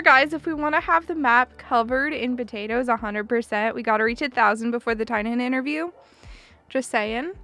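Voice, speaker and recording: A woman's voice: fairly high pitch, moderate pace, pushed and bright, soft background music. A woman in her twenties hosting a charity livestream, chatty and upbeat, often saying "dude". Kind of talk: casual livestream chat.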